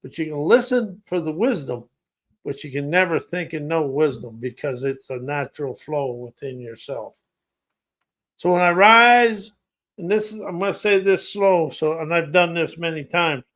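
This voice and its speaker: A man's voice: a little high, animated, moderate pace, a bit bright. A man hosting a podcast, delivering a rhythmic, poetic motivational monologue full of listed words. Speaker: podcast host. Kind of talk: spoken-word motivational monologue.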